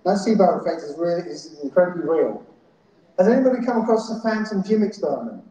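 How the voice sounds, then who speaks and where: A man's voice: sits high, lively intonation, fast talker, mellow, lo-fi sound. Man talking in an echoey hall. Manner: asks the crowd "yeah?" and "right?" constantly. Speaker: conference speaker. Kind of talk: live talk to an audience. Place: festival hall.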